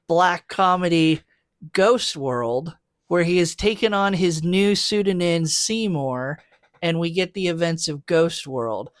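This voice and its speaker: A podcast co-host with a fairly high, fairly bright voice chats casually about a movie, sharing his opinions and walking through a fan theory step by step. The recording is dry and cleanly studio-produced.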